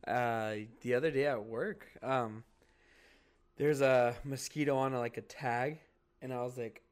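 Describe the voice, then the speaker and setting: A man's voice: mid-range voice, normal speed, clean tone. A young man co-hosting a podcast, telling rambling stories in casual chat, full of "like", "dude" and swearing. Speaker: podcast co-host.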